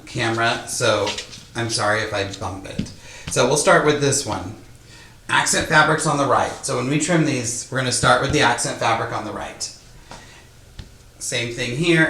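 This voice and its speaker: A man teaches quilting in a relaxed, rambling way, thinking aloud and poking fun at himself as he trims fabric. His voice sounds bright and forward. The sewing room is echoey, with a faint hiss underneath. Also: mid-range voice. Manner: chatty, self-deprecating, thinking aloud with fillers. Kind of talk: casual sewing tutorial. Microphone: microphone close to his face.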